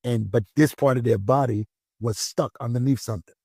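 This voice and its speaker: A man's voice: medium pitch, fairly quick, breathy edge, no echo, clean studio sound. A man, a pastor, telling a personal story in a casual conversation, acting out the voices of the people in it. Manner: animated storytelling, acts out voices.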